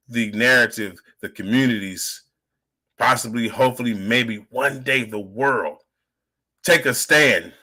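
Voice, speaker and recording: A young adult man wraps up his live podcast in an emphatic, repetitive way, building his lines up like a preacher. His voice is bright and forceful, and he talks slowly and deliberately, with a normal pitch for a man. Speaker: podcast host.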